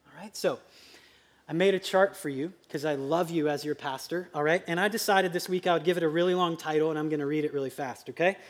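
A man with a notably high voice preaches to his congregation as their pastor. He talks in a chatty, lively way and now and then bursts out loud. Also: fast talker. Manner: lively, conversational preaching with sudden loud outbursts. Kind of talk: preaching a sermon. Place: church sanctuary.

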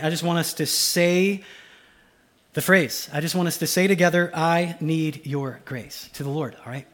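A pastor preaching a sermon, swinging from loud urgency to a hushed, almost whispered delivery. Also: male voice, a little high. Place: church sanctuary.

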